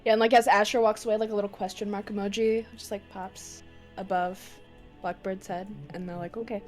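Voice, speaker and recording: A woman's voice: mid-range voice, little pitch movement, brisk, soft background music. A woman player describing her character in a casual tabletop game, with lots of fillers like "like" and "um". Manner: chatty, lots of "like" and "um".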